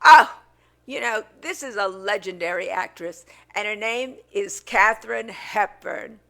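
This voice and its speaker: A woman's voice: mid-range voice, measured pace, creaky, a bit bright. A woman impersonating a brash, gossipy older female talk-show host who fires off teasing insult jokes. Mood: brassy. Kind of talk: stage impression comedy.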